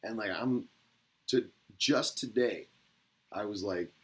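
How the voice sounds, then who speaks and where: A man talking casually to the camera in a rambling, profane way. He gets excited at times and drops into a mumble at others. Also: lowish voice, slow pace, slightly rough, low-quality recording.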